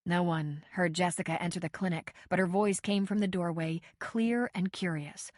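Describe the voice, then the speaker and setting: A woman reading a novel aloud as an audiobook narrator, steady and measured. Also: fairly low pitch, no room sound, studio quality. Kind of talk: scripted narration.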